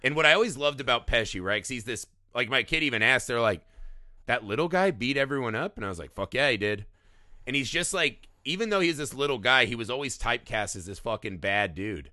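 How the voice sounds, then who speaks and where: A man co-hosting a casual film podcast, talking in an animated, profane way and laughing often. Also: mid-range voice, fast talker, few pauses, no echo, studio quality. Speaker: podcast co-host.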